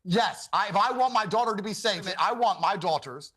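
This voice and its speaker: A man's voice: sits high, lively intonation, normal speed, fairly bright tone. A man doing a comedy impression of an arrogant male online personality who lectures bluntly about women and society. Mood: smug, lecturing. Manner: lecturing, self-assured, blunt declarations.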